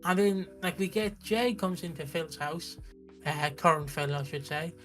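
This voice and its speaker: A British man recapping a soap opera on a stream in a casual, animated way, with frequent restarts. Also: on the high side, moderate pace, faint music behind. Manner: animated storytelling, acts out characters' lines, frequent restarts.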